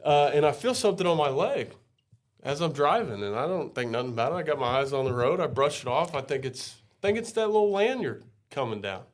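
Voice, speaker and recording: A man telling a story on a casual podcast, animated, acting out screams and other people's voices. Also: on the high side, brisk. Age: adult with a young son.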